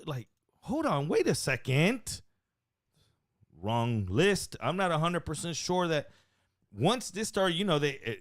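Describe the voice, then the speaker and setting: Animated high-voiced man mocking sports news. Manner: animated, mocking, laughs often. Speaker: podcast co-host. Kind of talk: casual sports chat.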